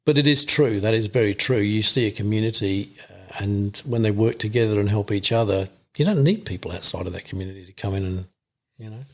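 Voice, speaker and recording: A man's voice: fairly low pitch, a little fast. A middle-aged Australian man, a guest on a podcast, talking casually and earnestly, rambling a bit and laughing easily. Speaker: podcast guest, veterans hunting program founder. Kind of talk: casual chat.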